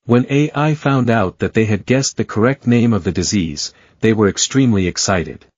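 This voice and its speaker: A man reads a story recap in a steady, even narration. His voice sits low with a husky edge. The recording is dull and dry, with no room sound. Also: normal speed, hardly any pauses, no room sound.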